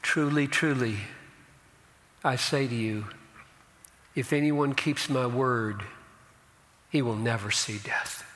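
A man preaching a sermon as a pastor, slow and emphatic, swelling into loud declarations. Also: mid-range voice, big-room sound.

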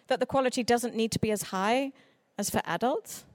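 Higher-voiced woman giving an earnest talk. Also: fairly quick, no echo, clean studio sound. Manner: earnest, expressive speaker with mock voices for quoted people. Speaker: children's author. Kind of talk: conference talk.

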